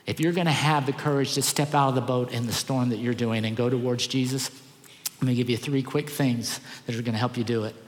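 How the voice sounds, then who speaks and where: A man's voice: medium pitch, steady tone, a little fast, in a large hall. A man preaching a sermon as pastor, earnest and emphatic, repeating key phrases.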